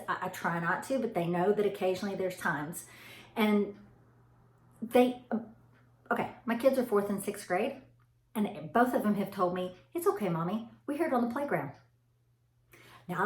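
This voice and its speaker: Mother vlogging, chatty and animated, voice ringing in a bare room. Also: medium pitch. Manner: animated, laughing storyteller who addresses viewers as y'all. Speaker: mother vlogging about parenting. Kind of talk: casual chatty monologue to camera. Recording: echoey room.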